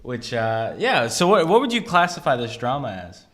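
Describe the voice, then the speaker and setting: A man's voice: mid-range voice, big pitch swings, moderate pace, fairly bright tone. A man hosts a casual interview with a loose, joking manner. He reads viewer questions aloud and stumbles over the odd word, keeping things light. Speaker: host.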